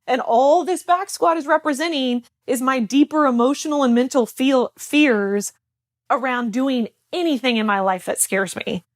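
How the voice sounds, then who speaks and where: A woman's voice: high voice, moderate pace, no room sound. Chatty woman telling a story, close and dry. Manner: chatty storytelling with many fillers, quotes herself and others. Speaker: health coach. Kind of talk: casual talk to camera.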